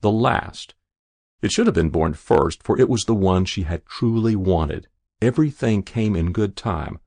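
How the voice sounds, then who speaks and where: A man narrating a literary short story in a measured, expressive way. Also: sits low, no echo. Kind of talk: scripted narration.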